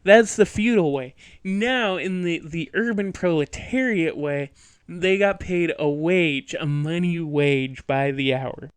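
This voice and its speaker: A man's voice: fairly high pitch, slow, clean tone, no room sound. A man hosting a solo political commentary segment, casual and sardonic, with filler words as he explains. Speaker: host.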